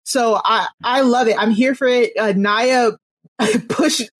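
Chatty podcast lady, a bit high voice, dry close mic, keeps restarting and laughing. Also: fairly even intonation, slow, no room sound. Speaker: podcast co-host. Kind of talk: casual wrestling podcast chat.

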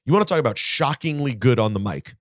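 A man's voice: mid-range voice, animated, no room sound, studio quality. A man hosting a casual podcast chat, arguing his points emphatically and pushing back hard. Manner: emphatic, argumentative, quick to push back. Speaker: podcast host.

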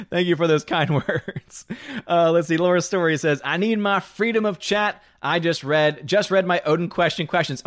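A man's voice: a little high, a bit bright. A man hosting a live stream, reading out viewer comments in a casual, joking way and laughing often.

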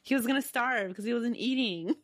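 A woman's voice: fairly high pitch, a little fast, no echo, clean studio sound. A woman co-hosting a chat podcast, telling a story in a casual, chatty way with frequent ums and likes.

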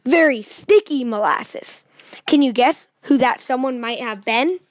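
A woman reading a children's storybook aloud in a lively way, asking her young listeners questions. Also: sits high, unhurried, no echo.

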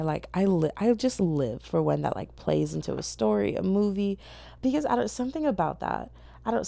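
Gravelly, low-voiced young woman rambling. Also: dark tone, no echo. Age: young adult. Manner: rambling, lots of "like", acts out quoted voices. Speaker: book vlogger. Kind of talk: casual storytelling chat.

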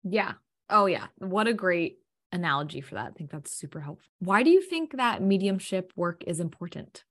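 Woman host, slightly low voice, friendly agreeable casual interviewer. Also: animated, normal speed, a bit bright. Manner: agreeable, encouraging, uses "like". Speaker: podcast host. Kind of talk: casual podcast chat.

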